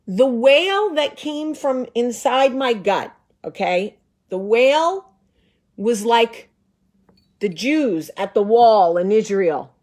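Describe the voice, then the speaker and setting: A woman's voice: fairly high pitch, lively intonation, takes it slowly. A woman in her thirties hosting a show, telling a comic story in a dramatic, profane, emphatic way. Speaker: show host. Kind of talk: comedic storytelling.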